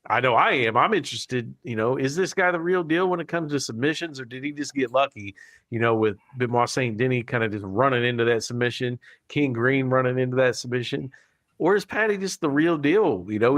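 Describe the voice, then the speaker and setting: A man with a medium-pitched voice chats on a podcast panel. He hesitates and restarts, leaning on fillers, and the close mic gives a dry, roomless sound. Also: fairly quick, a bit bright, dry recording. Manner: hesitant, many "you know" fillers. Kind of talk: casual sports chat.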